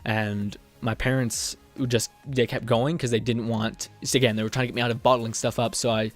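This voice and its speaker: A young man speaks to his viewers in a confessional vlog, halting and restarting as he circles back over his words. His voice sits at an ordinary middle pitch. Faint music plays softly behind him. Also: flat delivery. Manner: rambling, halting, many restarts and fillers. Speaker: vlogger.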